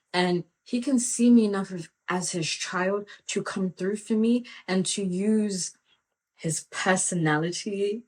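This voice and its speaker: A woman hosting a podcast, telling stories in a lively, conversational way and often dropping "like" and "you know" as she talks about faith. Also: fairly low pitch. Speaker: podcast host and faith mentor. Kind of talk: casual faith talk with storytelling.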